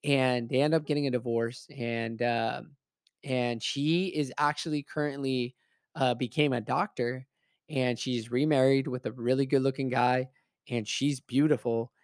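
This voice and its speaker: A man's voice: mid-range voice, fairly even intonation, unhurried, smooth, no room sound. Man, mid-range voice, casual and emphatic storyteller who swears freely, dry close recording. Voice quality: profane, blunt and emphatic.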